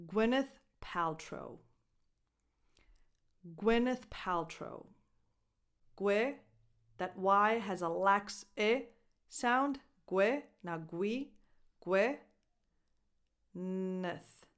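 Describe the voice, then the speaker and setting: Woman, English pronunciation coach, very slow, syllable-by-syllable repetition. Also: mid-range voice, animated, a bit bright, smooth. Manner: slow, careful, repeats words syllable by syllable. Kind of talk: pronunciation lesson to camera.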